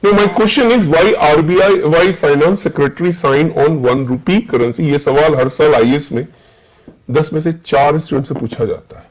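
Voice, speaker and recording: A man's voice: a little high, rapid-fire, low-quality recording. A man with an Indian accent, teaching a classroom lecture and often asking the students whether they are following. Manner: checks understanding with repeated questions.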